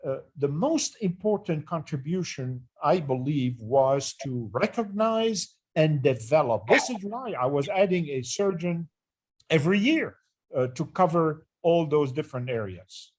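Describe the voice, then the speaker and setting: A man's voice: fairly high pitch, darkish tone. An older man, a retired neurosurgery chair, earnestly recalling his career in an interview and often restarting phrases.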